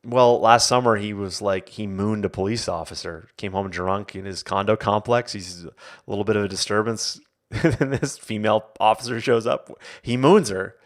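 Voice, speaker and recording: A man with a lowish voice speaks at a normal speed while hosting a live online Q&A as a coach. His talk is casual and rambling, packed with fillers and restarts, and he acts out quotes with animation.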